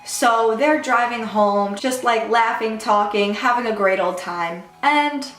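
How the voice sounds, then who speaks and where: A woman's voice: on the high side, unhurried, soft background music. Chatty young woman with a roomy echo. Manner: animated, quotes people in lively voices. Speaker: vlogger. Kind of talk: storytime vlog.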